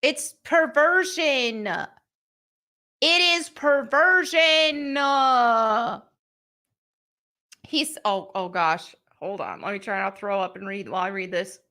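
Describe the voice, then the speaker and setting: Bright-voiced, blunt woman host. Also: medium pitch, animated, measured pace. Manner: blunt, sarcastic, indignant. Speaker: livestream show host. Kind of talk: opinionated live commentary.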